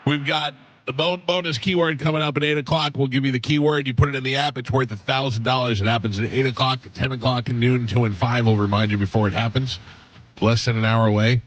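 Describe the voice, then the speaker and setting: A man opening a radio show with brisk announcements and promo reads. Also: medium pitch, steady tone, no room sound, lo-fi sound. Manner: brisk, promo-style delivery. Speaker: radio host.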